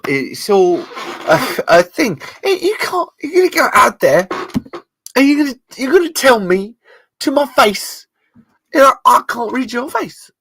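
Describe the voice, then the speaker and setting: A man's voice: fairly bright tone, husky, exaggerated voice. A man doing an impression of an intense male lie-reading expert, ranting and accusing. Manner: ranting, accusing, high-strung.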